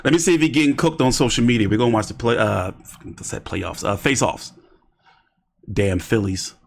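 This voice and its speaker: A man's voice: mid-range voice, moderate pace, gravelly, a little hiss or hum. Rambling American man streaming boxing chat. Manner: rambling, slangy, talks to himself while browsing. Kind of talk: casual live-stream commentary.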